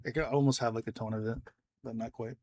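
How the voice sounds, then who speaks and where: A man's voice: medium pitch, fairly even intonation, fast talker, darkish tone, dry recording. Rambling man chatting over gameplay. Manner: rambling, filler-heavy, talks to chat. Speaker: streamer playing a game. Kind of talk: casual gameplay commentary. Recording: noisy background.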